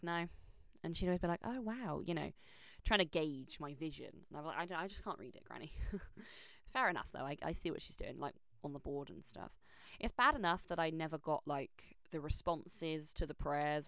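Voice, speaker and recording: A young woman telling a personal story in a chatty, animated way, full of fillers and restarts. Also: low voice, smooth, no echo. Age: young adult. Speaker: vlogger. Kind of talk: casual storytelling. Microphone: close microphone.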